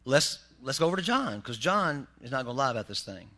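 A man's voice: mid-range voice, big pitch swings, fast talker, pushed and bright. A man preaching a humorous sermon in a church, with joking asides to the congregation. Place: church sanctuary.

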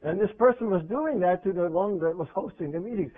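A man preaching a sermon in a conversational way. He asks his listeners questions, and his voice swings from loud to hushed. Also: high voice, brisk. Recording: tinny phone-like radio recording.

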